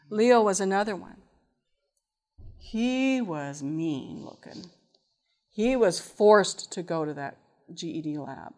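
A woman giving a spoken testimony to an audience about her time teaching in a GED lab. She tells it as an animated story, acting out the other people's voices. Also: fairly low pitch, takes it slowly, long pauses. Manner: lively storyteller who acts out voices and laughs.

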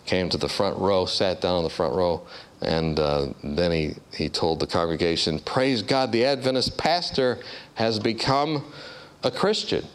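A man's voice: a little slow, clear, resonant tone. A man preaching a storytelling sermon, acting out the voices of the people in his stories. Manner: animated storyteller, acts out voices with big pitch jumps.

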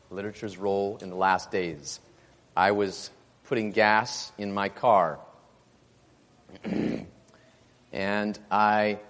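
A man preaching a sermon, telling a story and rising to loud exclamations. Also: on the low side, in a large hall.

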